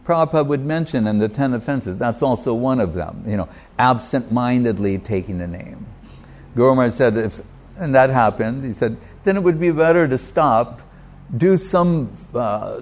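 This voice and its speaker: A man giving a devotional talk as a spiritual teacher, reflective and unhurried, pausing with fillers and quoting Sanskrit verses. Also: medium pitch, expressive, a little mellow.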